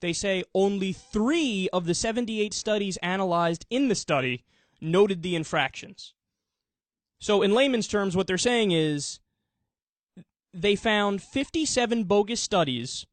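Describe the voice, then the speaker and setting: High-voiced man reading news aloud. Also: expressive, a little slow, no room sound. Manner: matter-of-fact, explanatory. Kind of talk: reading news quotes with commentary.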